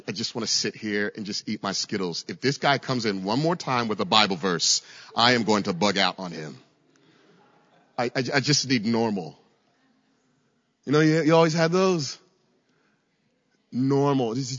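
A male preacher delivering a sermon in a storytelling way, repeating words as he builds and now and then lifting into a shout. His voice is mid-pitched and carries through a roomy hall with a long echo. The recording is dull and lo-fi. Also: expressive, normal speed, long pauses. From Virginia, USA. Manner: storytelling, with frequent stammered repeats and rising shouts. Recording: echoey hall, dull lo-fi sound.

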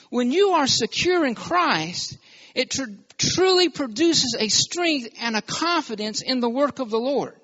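High-voiced preacher man, emphatic. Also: a bit bright, muffled recording. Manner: emphatic preaching with call-and-response amens. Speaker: pastor. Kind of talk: sermon.

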